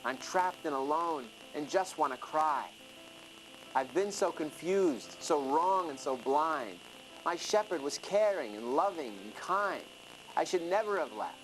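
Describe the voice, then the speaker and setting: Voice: medium pitch, animated, a little slow, natural voice, low-quality recording. A storyteller voicing a lonely, frightened little male sheep in a rhyming storybook, over music. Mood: sad, pleading. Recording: music playing under the reading.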